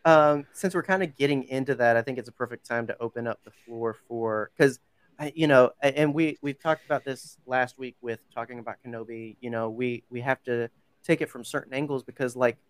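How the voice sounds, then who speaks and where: A man's voice: mid-range voice, a little fast, smooth, no echo. A man hosting a casual podcast chat, talking loosely with many fillers and restarts. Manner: chatty, full of fillers and self-corrections. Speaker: podcast host.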